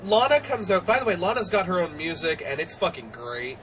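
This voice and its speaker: A young woman co-hosting a casual wrestling review podcast, animated and quick to laugh, swearing constantly. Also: on the low side, poor audio. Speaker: podcast co-host.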